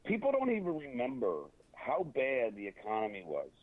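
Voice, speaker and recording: An opinionated guest in a casual phone interview, this man has a mid-range voice with huge pitch swings and keeps stumbling through restarts and fillers as he makes his point. His speech is halting. The thin, tinny line sounds dry and close, with no room sound at all.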